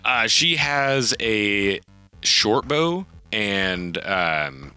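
A man's voice: fairly low pitch, very animated, extremely slow, sharp tone, clear, resonant tone, no room sound, soft background music. A man narrating a tabletop game as game master, loosely, with frequent fillers and laughs.

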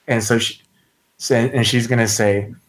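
A man takes part in a tabletop role-playing game as a player. He describes his character's actions in a casual, halting way, with frequent fillers. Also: mid-range voice, fairly even intonation. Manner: hesitant, full of "like" fillers.

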